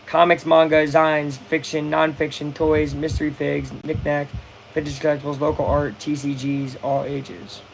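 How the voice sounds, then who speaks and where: A young man hosting a casual live baseball watch-along, chatty and excitable, full of slang. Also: a little high, moderate pace, creaky, slight background noise, low-quality recording. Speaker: livestream host.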